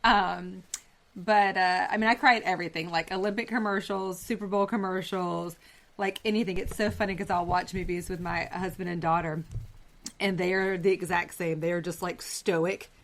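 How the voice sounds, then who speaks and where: A woman's voice: lowish voice, steady tone, moderate pace. A middle-aged woman co-hosting a podcast, chatting casually with a sarcastic, self-mocking humor. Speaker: podcast co-host. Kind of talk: casual chat.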